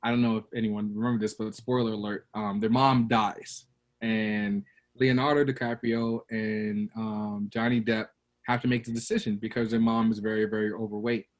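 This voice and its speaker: A man's voice: on the low side, moderate pace. A man in his thirties from Brooklyn, a guest telling childhood stories in a casual interview and acting out the quotes. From Brooklyn, New York. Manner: animated storyteller, acts out quotes with a raised voice.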